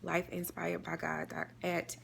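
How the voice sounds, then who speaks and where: A woman's voice: on the low side, monotone, measured pace, a bit bright, a little hiss or hum. A woman giving an earnest, faith-based inspirational talk, repeating phrases for emphasis in a prayerful way. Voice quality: gravelly creaky voice. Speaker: inspirational vlogger.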